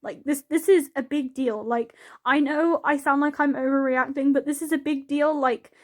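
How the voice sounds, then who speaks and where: High-voiced chatty woman. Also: fairly even intonation, moderate pace. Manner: chatty, rambling, giggly rant with many "like"s. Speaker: YouTuber narrating a game build. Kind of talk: casual voice-over chat over gameplay.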